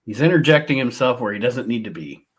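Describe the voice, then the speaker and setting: A man's voice: medium pitch, expressive, quick pace. A man in casual podcast chat, giving emphatic opinions and laughing often. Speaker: podcast co-host. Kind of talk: casual chat about wrestling.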